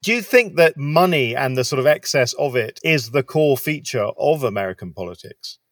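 Man from Britain, interview host, mid pitch, dry close sound, measured questions. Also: lively intonation, no room sound. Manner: thoughtful, measured questioning with restarts.

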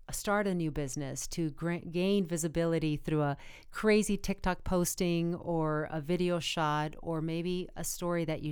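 A woman's voice: fairly low pitch, darkish tone, clear, resonant tone, no room sound, studio quality. A woman speaking earnestly as a podcast guest, encouraging listeners. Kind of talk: motivational podcast conversation.

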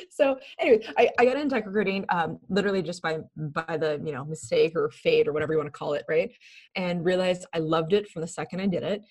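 A woman in her thirties, a podcast guest telling stories casually, laughing often and acting out other people's lines. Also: lowish voice. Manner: animated, laughs often, acts out quoted voices. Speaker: podcast guest, recruiting firm founder. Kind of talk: casual interview storytelling.

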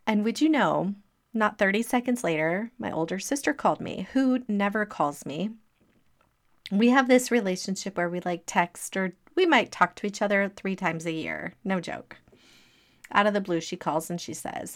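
Woman, middle-aged, motivational storytelling, animated, medium pitch, laughs between lines. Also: moderate pace. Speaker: motivational speaker sharing a personal story.

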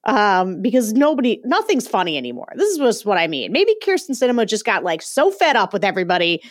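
Animated woman telling a story. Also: medium pitch, fast talker, no echo, studio quality. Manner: animated storytelling, laughs often. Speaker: podcast co-host. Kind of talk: casual political chat.

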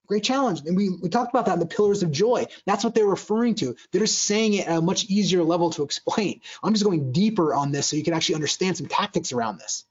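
A man delivers an earnest motivational talk at a brisk clip. His voice sits a little high and he often restarts sentences mid-thought. The recording is muffled and lo-fi. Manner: earnest, restarts sentences, acts out quoted dialogue. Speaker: speaker on joy at work. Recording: dull lo-fi sound.

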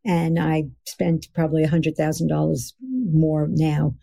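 A middle-aged woman speaking as an expert guest on a podcast interview, earnest and emphatic, slowing down to stress key phrases. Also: deep voice, gravelly, dark tone, breathy edge.

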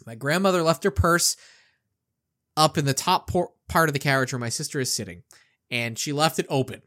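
A middle-aged man co-hosting a podcast, telling a childhood story in a casual, animated way and acting out the quotes. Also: a little high, brisk. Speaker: podcast co-host.

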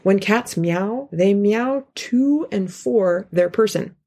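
Woman with a gravelly, fry-laden voice. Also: takes it slowly. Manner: lively and playful, swooping pitch for emphasis. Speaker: featured speaker. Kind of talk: pre-recorded inspirational talk.

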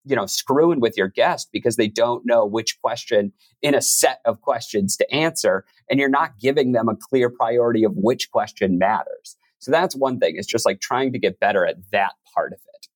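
A man's voice: medium pitch, normal speed, hardly any pauses. A man reflects casually on his own work in an interview, filling his speech with "like". The sound is close and dry, with no room echo. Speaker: podcast host and narrator. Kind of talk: interview conversation.

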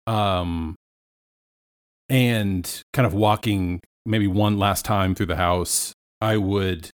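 Male player, low voice, slow and halting, thinking aloud about his character's actions. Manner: hesitant, thoughtful, with many fillers. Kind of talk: in-character tabletop play.

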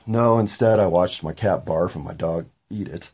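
A man with a gravelly voice hosting a podcast, talking in a candid, meandering solo monologue with occasional swearing. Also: low-pitched, measured pace, darkish tone. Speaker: podcast host.

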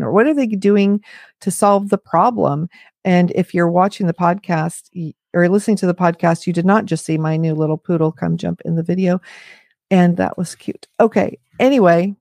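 A woman's voice: on the low side, gravelly, dark tone, no echo, clean studio sound. A middle-aged woman hosting a podcast, talking through advice in an earnest, conversational way with casual fillers. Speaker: podcast host.

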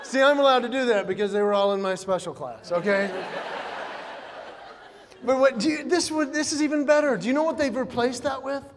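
Very high-voiced man doing stand-up. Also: brisk. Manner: animated, bursts into shouted acted-out quotes. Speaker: comedian. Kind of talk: stand-up comedy. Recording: live hall with long reverb, faint noise.

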